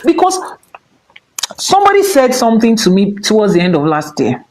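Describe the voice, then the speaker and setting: A Nigerian woman, an Ifa priestess, giving a casual spiritual talk, dropping into hushed whispers and rising to high exclamations. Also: huge pitch swings, moderate pace, poor audio.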